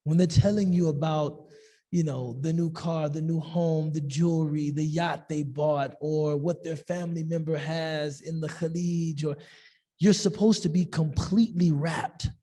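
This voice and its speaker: A man teaching a discussion class in a lively, joking way, often acting out the people he quotes. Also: on the high side, measured pace. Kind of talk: discussion-based class talk. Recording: long hall reverb.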